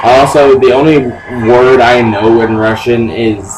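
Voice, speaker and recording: A man's voice: medium pitch, level tone, slow. A young man casually commenting on a video game he is playing, rambling and joking with lots of swearing. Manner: profane, rambling, jokey. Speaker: let's play gamer. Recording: distant mic with clear background noise.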